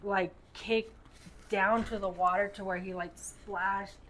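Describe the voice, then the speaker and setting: A woman's voice: medium pitch, fairly even intonation, takes it slowly, background noise. A young woman guest on a podcast, bluntly and earnestly recounting an experience in casual chat. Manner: blunt, earnest retelling with swearing.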